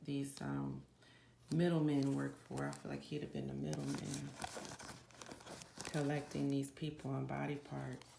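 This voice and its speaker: A woman's voice: very deep voice, unhurried, vocal fry, pauses often. A woman giving a psychic card reading, chatting casually and directly to her viewers. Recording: echoey room with steady background noise.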